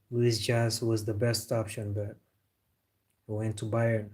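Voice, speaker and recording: A man talks football on a live stream, reacting to viewers' comments and giving firm opinions. His voice sits low and he keeps an even, flat tone, with some slightly non-native phrasing in his casual talk. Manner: opinionated, replying to chat.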